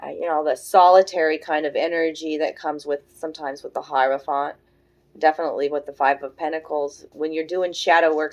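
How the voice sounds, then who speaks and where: A woman in her forties giving a casual tarot reading, thinking aloud in a soft, musing way with frequent fillers. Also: deep voice, steady tone, brisk, rough recording. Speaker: tarot reader.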